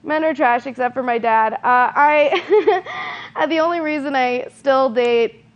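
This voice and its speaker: A young woman doing a stand-up set on stage, her voice sitting a little high. She delivers self-deprecating lines deadpan, filling gaps with ums and quick laughs. The live recording sounds dull and lo-fi. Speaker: stand-up comedian. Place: comedy stage.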